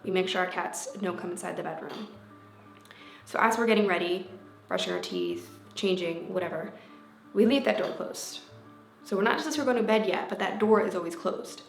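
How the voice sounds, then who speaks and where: A woman vlogger telling a personal story to camera in a casual, animated way, acting out what was said. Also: fairly low pitch, moderate pace. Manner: animated, acts out quotes in changing voices. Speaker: vlogger and life coach. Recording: echoey room with faint background music.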